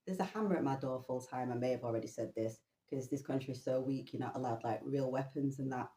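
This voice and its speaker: A woman's voice: a bass voice, fast. Woman telling a story, echoey room. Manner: animated, laughing, incredulous retelling. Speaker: vlogger. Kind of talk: storytelling monologue. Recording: roomy echo.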